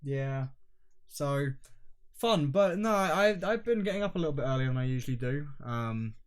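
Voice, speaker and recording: A young man co-hosting a podcast in casual chat, animated and playful, sometimes slipping into a sing-song voice. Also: medium pitch, moderate pace, smooth. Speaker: podcast co-host.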